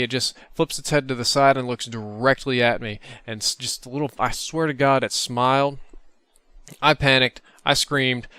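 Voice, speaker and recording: A man host telling a dream story over gameplay in an animated, profane way. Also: mid-range voice, clear, resonant tone, no echo. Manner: animated, profane, vivid retelling. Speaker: gaming channel host.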